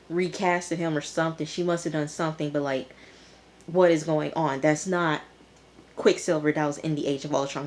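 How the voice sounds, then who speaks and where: A woman giving a casual recap of a TV episode, exclaiming and talking straight to her viewers. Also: deep voice. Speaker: TV episode reviewer.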